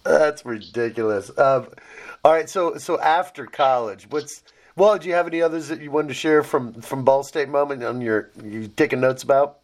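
A man's voice: mid-range voice, normal speed. A man hosting an interview in a casual way, asking easygoing questions and giving brief reactions. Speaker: podcast host.

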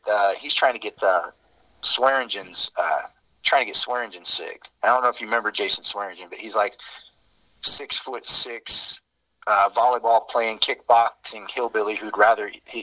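A man's voice: on the low side, moderate pace, bright, forceful tone. A man telling fraternity-days stories in a rambling, laid-back way, heard over a muffled remote line. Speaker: interview guest. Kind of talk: casual storytelling.

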